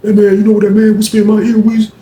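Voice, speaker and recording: A man's voice: high voice, monotone, very fast, mellow, voice pushed up, natural voice. Man doing a whiny, frightened young inmate. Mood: pleading. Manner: whiny, begging. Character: scared, pleading young male inmate. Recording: echoey room, faint noise.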